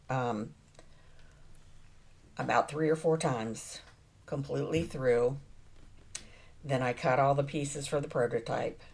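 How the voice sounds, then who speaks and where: A woman, chatting casually and wryly to herself as she works through a craft project, dropping into soft muttered asides. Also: rumbling low, creaky, slightly rough. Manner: wry, self-mocking muttering to herself; drops into soft asides while working. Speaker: crafting vlogger. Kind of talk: casual narration while crafting. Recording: noisy background.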